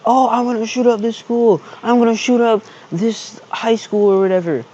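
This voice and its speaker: A young man imitating a brash young man who boasts a threat out loud, in a raised, taunting voice. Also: extremely high pitch, steady tone, normal speed, lo-fi sound, voice pushed up.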